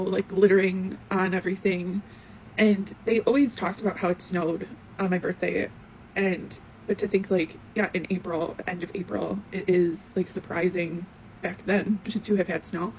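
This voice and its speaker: A woman in her forties who hosts her own show, reading aloud from an old notebook and reflecting on it in a halting way, with many fillers. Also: medium pitch, darkish tone, a little hiss or hum, low-quality recording. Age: 40s. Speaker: host.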